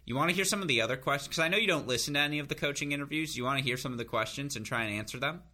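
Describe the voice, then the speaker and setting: A man co-hosting a podcast, telling rambling self-mocking stories with bursts of high laughter. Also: rapid-fire, sharp tone. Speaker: podcast co-host. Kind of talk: casual chat.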